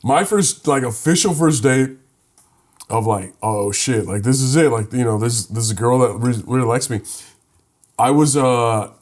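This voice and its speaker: A man's voice: medium pitch, normal speed, darkish tone. A young man co-hosting a podcast, telling a story in casual chat and swearing freely. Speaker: podcast co-host.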